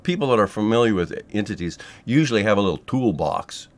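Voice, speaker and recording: A man teaching a spiritual technique in a loose, rambling monologue, swearing freely and filling pauses with ums and yeahs. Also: lowish voice, lively intonation. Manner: loose and profane, rambling with many fillers. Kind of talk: casual monologue to camera.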